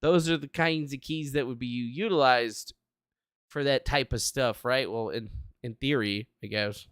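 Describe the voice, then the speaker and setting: A man streaming casually, explaining tech news in a profane rant that swings from low mumbling to loud outbursts. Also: clean tone, no room sound, studio quality.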